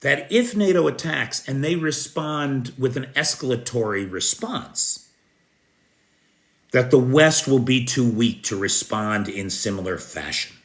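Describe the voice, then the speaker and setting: Slow, emphatic American man on a livestream. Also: mid-range voice, animated, a bit bright. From United States. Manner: emphatic, indignant, with bursts of sarcasm. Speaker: live news host. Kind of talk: live-stream commentary with viewer Q&A.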